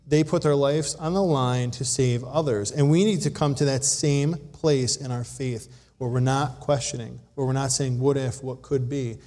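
A man preaching a sermon, telling a personal story in an animated way and acting out voices. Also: mid-range voice, moderate pace. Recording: long hall reverb.

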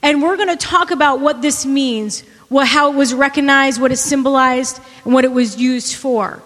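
A woman's voice: high voice, normal speed, fairly bright tone, in a large hall. A woman pastor preaching a sermon to her church, asking the congregation questions and repeating key phrases for emphasis. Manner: preaching with rhetorical questions and repetition.

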